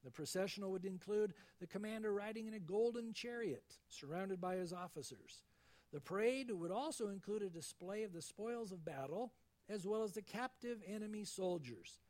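High-voiced man preaching. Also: moderate pace. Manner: expressive, dramatic shifts in tone, reads scripture aloud. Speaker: pastor. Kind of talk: sermon.

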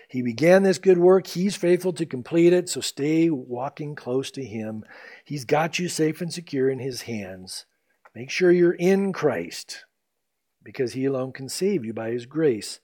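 Animated man preaching a sermon. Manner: emphatic preaching, slowing to stress scripture, swinging pitch. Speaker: pastor.

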